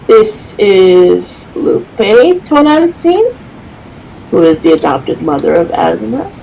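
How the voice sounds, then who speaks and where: A dungeon master chatting casually while setting up a tabletop game over voice chat, halting with ums and laughing often. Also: mid-range voice, sing-song, gravelly, dark tone, highs cut off, a little hiss or hum. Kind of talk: casual setup talk before a tabletop game.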